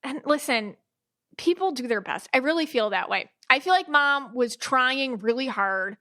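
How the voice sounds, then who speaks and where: Bright, chatty woman podcast host. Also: high voice, moderate pace. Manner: chatty and animated, with many restarts and quoted asides. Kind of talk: casual chat.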